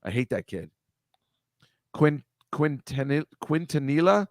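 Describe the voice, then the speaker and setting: A man's voice: medium pitch, normal speed, dry recording, clean studio sound. Rambling, wry man on a video call. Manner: rambling, wry, mocking, swears freely. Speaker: host. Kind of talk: casual chat over shared slides.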